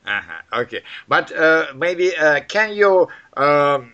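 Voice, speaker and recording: Halting man asking questions. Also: a little high, very animated, sharp tone, muffled recording. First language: Russian. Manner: halting, with many fillers and restarts. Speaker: interviewer. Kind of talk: casual conversation in a second language.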